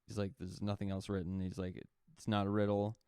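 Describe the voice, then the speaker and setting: Deep-voiced dude rambling a story on a podcast, says like a lot, swears some, dry close sound. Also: male voice, flat delivery, brisk, a little mellow, clean tone, no room sound. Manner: rambling, heavy use of "like" fillers; swearing, acts out quoted lines. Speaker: podcast co-host. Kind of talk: casual storytelling.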